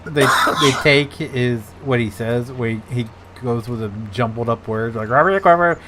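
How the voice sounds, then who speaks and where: A man's voice: medium pitch, level tone, moderate pace, background noise. A man chatting casually during a gaming stream, telling loose stories and laughing along with his friend. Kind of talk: casual chat while gaming.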